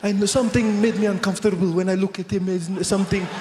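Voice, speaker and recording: A man's voice: sits high, steady tone, quick pace, a little mellow, lightly acted. A man voicing a polite, hesitant male passenger with a Pakistani accent. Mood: sly. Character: polite traditional older male passenger, sly tattletale. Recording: roomy live venue with audience noise.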